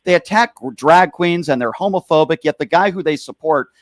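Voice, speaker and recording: Fast-talking combative call-in host, man. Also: fairly high pitch, dry recording. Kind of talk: political call-in talk.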